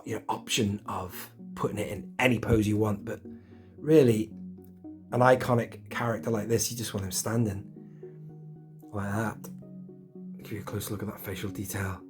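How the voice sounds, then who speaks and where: Middle-aged bloke unboxing toys at home, chatty and excited, bit of music faint behind him. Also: male voice, medium pitch. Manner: chatty, enthusiastic, talks to himself while unboxing. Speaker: collector vlogger. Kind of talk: casual unboxing chat. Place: home collection room.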